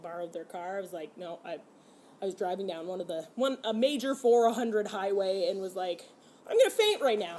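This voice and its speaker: With a lowish voice and slight background noise behind her, a young French-Canadian woman, a guest comedian, shares a story from her own life in a relaxed way. Animated and laughing, she performs her own past quotes.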